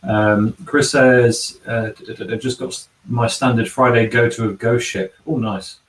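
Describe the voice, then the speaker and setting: A man's voice: mid-range voice, fairly even intonation, measured pace. A man hosting a casual livestream from a bar, reading out chat comments and humming filler syllables between them. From England. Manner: chatty, hums filler syllables while scrolling comments. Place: bar and kitchen. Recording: echoey room, from a distance.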